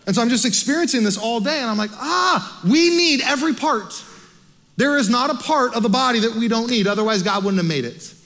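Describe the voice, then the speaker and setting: An American man preaches a sermon in a high, ringing voice. He talks to the congregation in an animated, conversational way and keeps putting rhetorical questions to them. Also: fast talker, hardly any pauses. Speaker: pastor.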